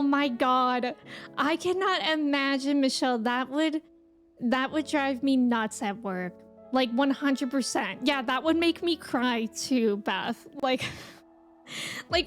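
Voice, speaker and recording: A young woman streaming live, chatting casually with viewers, giggling often and reading their comments aloud. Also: sits high.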